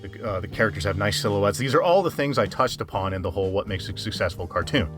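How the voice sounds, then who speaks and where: A man with a somewhat low voice talks casually through a cartoon review and speaks straight to his viewers. He stumbles, repeats words and restarts his thoughts often, while faint music plays underneath. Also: animated, quick pace. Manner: rambling, frequent restarts and fillers; chatty, addresses viewers directly. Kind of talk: casual commentary over a speedpaint.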